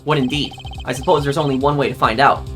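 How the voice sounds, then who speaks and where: A man voicing a composed male prosecutor in a measured, formal way while playing a game. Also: medium pitch, fairly even intonation, fairly bright tone, faint music behind, pitched below the performer's own voice, close to an everyday voice. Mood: pondering.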